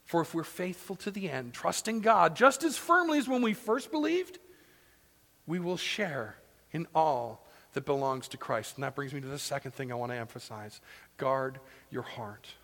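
A man preaching a sermon as pastor, swinging between loud emphasis and hushed near-whispers, sometimes acting out complaining voices. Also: on the high side, very animated, normal speed, long reverb tail.

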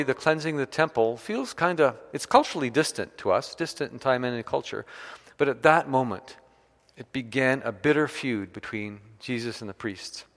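A man's voice: medium pitch, fairly bright tone. A man preaching a sermon, retelling a scripture story with varied emphasis. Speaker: pastor. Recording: long hall reverb.

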